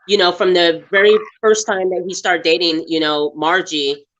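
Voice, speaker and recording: A woman with a very low yet bright, forceful voice, chatting animatedly as a guest on a film review show. She laughs easily while recalling scenes. The sound is a little dull and lo-fi. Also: fairly even intonation, moderate pace. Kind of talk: casual film review chat. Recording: slightly muffled audio.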